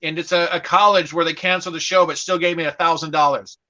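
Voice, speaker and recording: A man's voice: on the high side, steady tone, fast talker, sharp tone, dull audio. A man, a comedian guest, telling chatty stories in a casual conversation. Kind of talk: casual storytelling chat.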